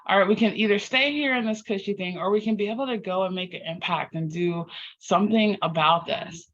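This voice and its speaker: A woman guest on an interview podcast, talking earnestly in an animated, storytelling way and acting out her own inner dialogue. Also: medium pitch, fairly quick. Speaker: podcast guest, life coach. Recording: slightly muffled lo-fi audio.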